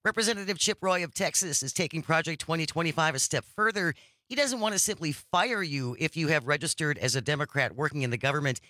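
A man's voice: on the high side, fast talker, no echo, studio quality. A man hosting a political talk show, running the segment and reading viewer comments. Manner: animated, directs producer and reads comments. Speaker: show host.

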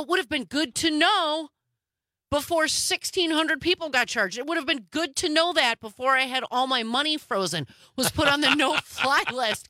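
A woman's voice: high-pitched, pushed and bright, dry recording, voice pushed up. A woman voicing a whiny young man who rants about being betrayed, in an impression on a talk show.

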